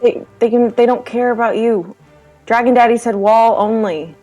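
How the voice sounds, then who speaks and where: A woman's voice: on the high side, normal speed, dark tone, dull audio, faint music behind. A woman playing a tabletop game, teasing another player. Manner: teasing, laughing.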